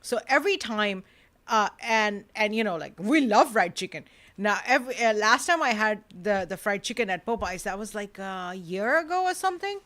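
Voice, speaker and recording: A woman's voice: mid-range voice, animated, normal speed, a bit bright. A woman co-hosting a podcast, chatting casually and filling her talk with "like" and "you know". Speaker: co-host.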